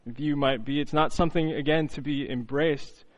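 A man preaching an earnest, reflective sermon, often pausing on "you know" and restarting phrases. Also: on the high side, steady tone, low-quality recording.

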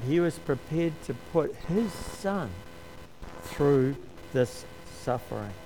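A man preaching a sermon, slow and emphatic, lifting his voice to stress key words. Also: medium pitch, lively intonation, warm tone, a little hiss or hum, rough recording.

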